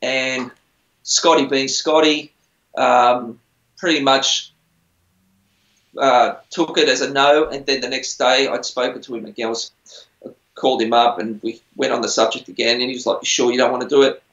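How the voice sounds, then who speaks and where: A man's voice: mid-range voice, steady tone, moderate pace, long pauses, a bit bright. A middle-aged man, a musician, telling stories in a rambling, chatty, self-deprecating way during a casual interview. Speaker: musician on a TV singing show. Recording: roomy, dull lo-fi sound.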